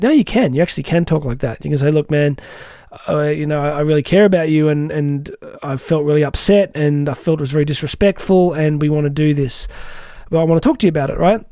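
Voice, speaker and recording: A man hosting a motivational podcast, talking casually with animated asides. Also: a little high, no echo, studio quality. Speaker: podcast host.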